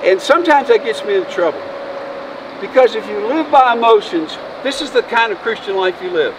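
A man's voice: high voice, lively intonation, brisk. A man preaching an Easter sermon outdoors as pastor, folksy and emotional, joking with his congregation. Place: outdoors by a road. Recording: distant mic, faint noise.

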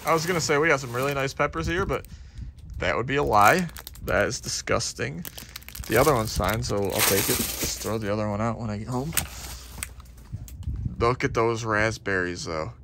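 A man talking casually as he films a vlog while digging through a dumpster, chatty and excitable, playfully stubborn. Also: medium pitch, normal speed, creaky, background noise. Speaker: dumpster diving vlogger. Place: outdoors at a dumpster.

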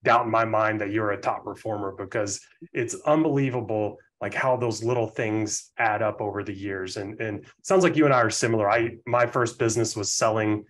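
A man's voice: on the low side, a little fast, few pauses, fairly bright tone. A man hosting a podcast, asking enthusiastic follow-up questions in a conversational way. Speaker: podcast host. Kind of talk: casual podcast interview.

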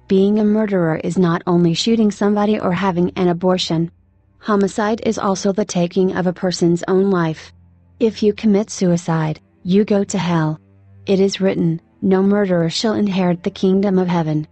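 Earnest mellow-voiced woman preaching. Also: mid-range voice, no room sound. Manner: earnest exhortation. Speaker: testimony narrator. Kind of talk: scripted testimony narration.

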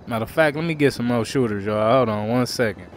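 A man streaming a crime roleplay game, talking in character to his viewers in heavy slang and frequent swearing, swinging between low grumbles and loud outbursts. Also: fast talker, a little hiss or hum. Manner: slangy, swears a lot, keeps calling out to viewers.

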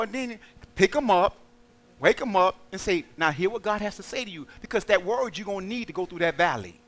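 High, bright-voiced man preaching. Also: lively intonation, brisk. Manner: call-and-response preaching, acting out quoted voices. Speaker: pastor. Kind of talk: preaching to a congregation.

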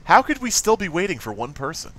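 With a high-sitting voice that swings widely in pitch, a man talks fast while live-streaming a video game. He's playful, swears, giggles and hums nonsense as he plays, over loud game effects and character voice lines.

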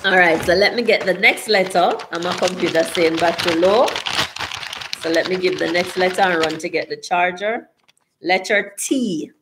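A woman's voice: lowish voice, steady tone, moderate pace, noisy background. A woman with a Jamaican accent hosting a casual live stream, reading viewers' comments aloud in a chatty way and laughing often. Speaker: livestream host.

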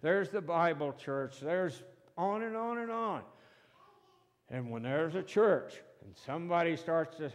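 A male pastor preaching a sermon in a church, slow and emphatic, swinging between loud and soft. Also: on the high side, expressive. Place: church sanctuary. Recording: long reverb of a church hall.

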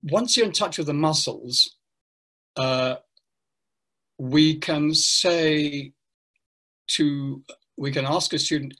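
An older man explains pronunciation teaching with playful energy, acting out what he tells students. His voice sits a little high and has a slightly husky edge, and he speaks over a video call. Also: takes it slowly, long pauses. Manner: playful, animated, acts out classroom lines. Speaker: pronunciation teacher trainer, guest. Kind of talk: casual interview talk.

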